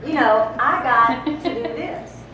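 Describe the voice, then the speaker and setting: A woman's voice: high-pitched, slow pace, distant mic, noisy background. A woman in a seminar audience sharing a wry story in a chatty way. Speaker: seminar attendee. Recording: very echoey room from afar.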